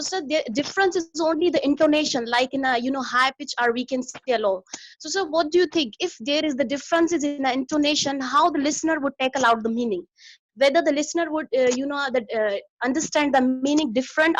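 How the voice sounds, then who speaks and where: A woman, a student asking questions hesitantly and often addressing the teacher as sir. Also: high-pitched. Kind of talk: classroom question. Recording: dry, muffled lo-fi recording.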